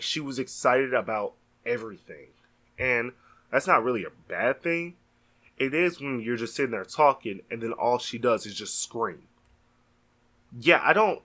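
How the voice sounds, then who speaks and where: A young man telling a storytime vlog, animated and exasperated, talking casually. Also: mid-range voice. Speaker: vlogger.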